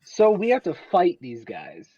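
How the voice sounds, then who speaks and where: A woman's voice: lowish voice, huge pitch swings, unhurried, warm tone, a little hiss or hum. Dry teasing woman player, dull sound. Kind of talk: casual tabletop game chat.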